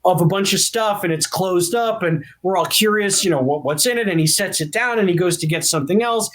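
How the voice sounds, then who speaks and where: Male guest on a podcast, high-pitched voice, animated storyteller. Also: brisk. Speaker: actor guest. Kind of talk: podcast interview anecdote.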